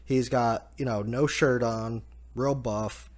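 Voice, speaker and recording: A man hosting a casual chapter review, relaxed, laughing often and saying "like" a lot. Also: mid-range voice, takes it slowly. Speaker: manga review host.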